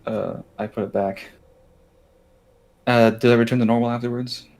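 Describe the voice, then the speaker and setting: A man's voice: medium pitch, little pitch movement, normal speed, darkish tone. A man playing in a tabletop game, stating his character's actions in a plain, matter-of-fact way. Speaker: player. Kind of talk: casual tabletop play.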